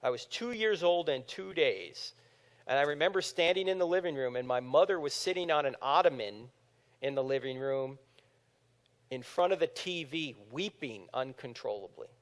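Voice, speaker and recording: A man's voice: a little high, normal speed. A man in his fifties giving an apologetics talk to a live audience in a large room, telling stories and acting out the people in them. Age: 50s. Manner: animated storytelling, acting out quotes. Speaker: speaker. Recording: long hall reverb.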